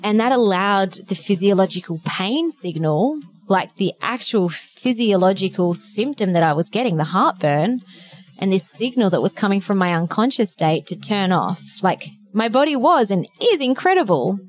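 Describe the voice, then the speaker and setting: A woman's voice: medium pitch, animated, moderate pace. A woman podcast co-host telling a personal story in an earnest, emotional way, with plenty of fillers.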